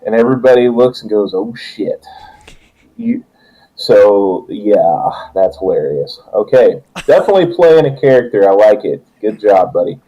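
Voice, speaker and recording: A man's voice: lowish voice, sing-song, moderate pace, warm tone, highs cut off. A young man running a tabletop game as its game master, joking and laughing through loose narration.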